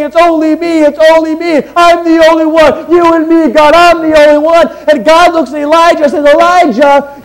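High-voiced man preaching a sermon. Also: poor audio. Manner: swings from quiet, low asides to loud, drawn-out emphatic preaching; reads scripture in King James wording.

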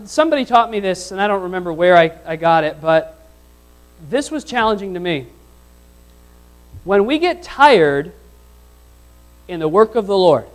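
A man's voice: sits high, rough recording. A male pastor preaching a sermon in a conversational way, asking the congregation questions and repeating his phrases.

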